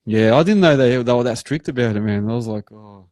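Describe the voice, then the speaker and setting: A man's voice: mid-range voice, a little fast, no echo. Rambling Australian man telling yarns. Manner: rambling, animated storyteller. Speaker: host. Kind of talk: casual storytelling chat. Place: live online show.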